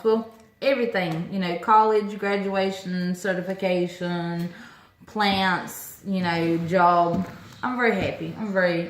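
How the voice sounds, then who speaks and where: A woman chatting excitedly to camera about her orchids, talkative, with lots of exclamations. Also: fairly low pitch, roomy sound, slight background noise. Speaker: orchid-growing vlogger. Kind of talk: casual chat to camera.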